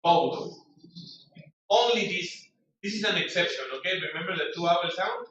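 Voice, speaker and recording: Male English teacher, high bright voice, slow drills, very echoey distant room. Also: dull audio. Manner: brisk corrective commands. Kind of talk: classroom pronunciation drill. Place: classroom.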